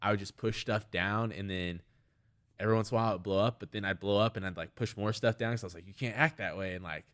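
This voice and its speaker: A man with a fairly low voice talks casually as a podcast guest. He rambles through his stories and fills them with "like." His tone is candid and conversational. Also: fairly even intonation, fast talker, a bit bright. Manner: rambling storytelling with many "like" fillers. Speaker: guest, MMA fighter and trainer.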